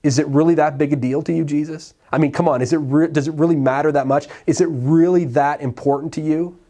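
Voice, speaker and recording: A man's voice: a little high, steady tone, dark tone, lightly acted. A man doing a baffled, incredulous follower. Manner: incredulous, pressing, quick. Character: baffled male follower questioning his teacher.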